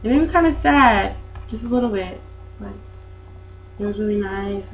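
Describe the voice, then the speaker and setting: A woman's voice: medium pitch, a little slow, music in the background. A young woman, rambling in a casual vlog with lots of fillers. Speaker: vlogger. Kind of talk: casual chat to camera.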